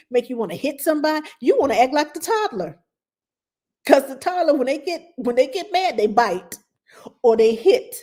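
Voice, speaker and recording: Passionate woman nanny, mellow voice. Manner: passionate, animated, acts out quotes in a high voice. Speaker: nanny giving advice. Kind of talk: casual advice talk.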